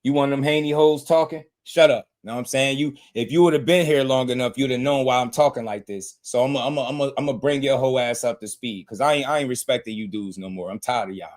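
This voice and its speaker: A man's voice: medium pitch, fairly quick, few pauses. A man hosting a boxing livestream, talking heated and blunt to his chat with lots of slang. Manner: fired-up, blunt, slangy, talks straight to chat.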